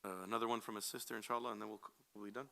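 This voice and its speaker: A man, addressed as Sheikh, giving casual, animated advice to a young audience, acting out quoted people with jokes. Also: on the low side, racing, gravelly. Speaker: Islamic speaker answering questions.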